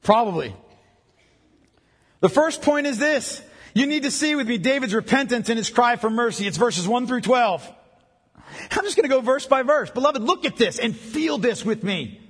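A man preaching a sermon as a pastor, impassioned and emphatic, with a husky voice. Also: very high-pitched, animated, normal speed, fairly bright tone. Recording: long reverb of a large hall.

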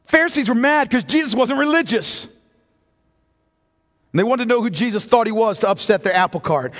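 A man's voice: very high-pitched, normal speed, long pauses, in a large hall. A man preaching a sermon, moving from joking stories to solemn, emphatic points. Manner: animated storytelling preacher, shifts from jokes to solemn emphasis. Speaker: pastor.

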